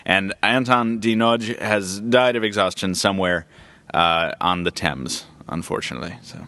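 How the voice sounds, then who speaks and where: A man's voice: low-pitched, normal speed, bright, forceful tone. A man hosting a tech podcast, chatting casually with wry, joking asides. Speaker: podcast host.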